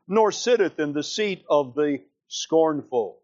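Slow, deliberate preacher man. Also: a little high, animated, a little mellow, highs cut off. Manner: slow, deliberate, emphatic reading of scripture. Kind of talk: expository sermon.

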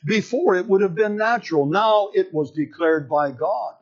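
A man preaching a sermon, slow and emphatic, with dramatic swings in pitch. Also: expressive. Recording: dull lo-fi sermon recording.

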